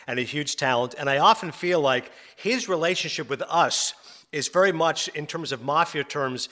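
Casting: middle-aged man, bright forceful voice, lively storyteller who laughs easily. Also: a little high, moderate pace. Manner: animated storyteller, laughs often, acts out quotes. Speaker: sports broadcaster and podcast host. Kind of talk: casual interview chat.

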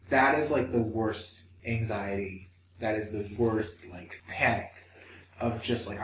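A man's voice: on the low side, unhurried, slight background noise. A man co-hosting a podcast, telling a personal story with swearing and acted-out inner voices. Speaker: podcast co-host. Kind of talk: candid podcast chat. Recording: echoey room, mic at a distance.

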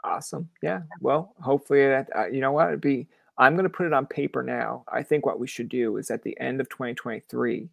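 A man's voice: mid-range voice, fairly quick, vocal fry, few pauses, a bit bright, no room sound. A young man from Canada hosting a podcast in casual chat, rambling with many fillers, swear words and acted-out quotes. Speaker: podcast host.

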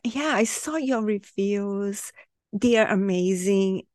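Female podcast host, very slow and measured, polite questions, dry close sound. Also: medium pitch, a little mellow, no room sound. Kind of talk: interview questions.

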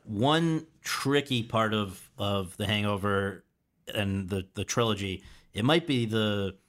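A man hosting an interview, asking measured questions and giving brief agreement while the guest talks. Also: fairly low pitch, a bit bright. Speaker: interview host. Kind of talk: casual interview chat.

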